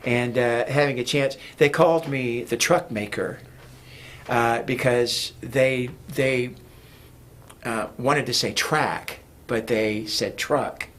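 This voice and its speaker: A man's voice: medium pitch, slow, fairly bright tone, a little hiss or hum. A man talking as a guest in a casual interview, rambling with many fillers and restarts. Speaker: guest, music producer.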